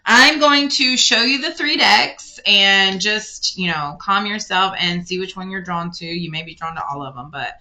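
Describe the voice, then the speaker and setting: A woman's voice: medium pitch, moderate pace, few pauses. A woman giving a casual spiritual card reading, rambling and correcting herself as she speaks straight to the listener. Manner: rambling, self-correcting, warm addressing of listener. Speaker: tarot card reader.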